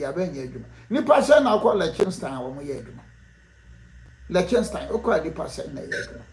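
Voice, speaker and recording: A man with a Ghanaian accent, appearing as a political guest, gives impassioned, rhetorical interview answers that mix Twi and English, often laughing between points. His voice sits high and is a little mellow, heard in an echoey room.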